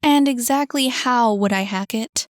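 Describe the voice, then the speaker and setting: A cocky young woman gamer, all teasing and brag, as a woman reader puts her on. Her voice sits higher and louder than the narration, and the delivery is dry and close. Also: unhurried, no echo, lightly acted. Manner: boastful, teasing, loud.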